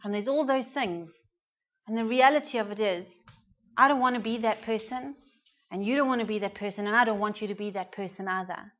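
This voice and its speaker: British woman preaching, chatty and earnest, mid-pitched voice, kinda muffled church recording. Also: a little fast, a bit bright. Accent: British English. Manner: earnest, conversational, asks the congregation questions. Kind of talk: sermon. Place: church hall.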